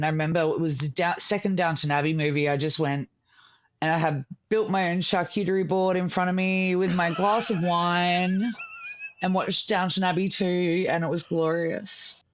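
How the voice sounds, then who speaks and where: A man's voice: a little high, dry recording. A man chatting casually as a podcast guest, telling rambling stories with lots of restarts.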